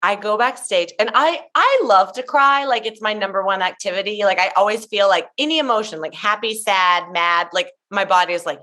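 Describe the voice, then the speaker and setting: A woman from Tennessee in her thirties, a guest chatting in an interview, telling animated stories full of "like" fillers. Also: medium pitch, brisk, few pauses. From Tennessee, USA. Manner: gushing, animated storyteller with many "like" fillers. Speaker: guest, show emcee. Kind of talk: casual interview chat.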